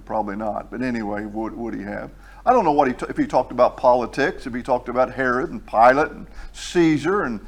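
A man preaching a sermon to his congregation, moving from quiet, conversational asides to slow, loud, emphatic declarations. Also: medium pitch.

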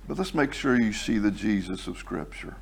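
A man preaching a sermon to his congregation, moving from quiet, conversational asides to slow, loud, emphatic declarations. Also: fairly low pitch, lively intonation, gravelly, slightly rough.

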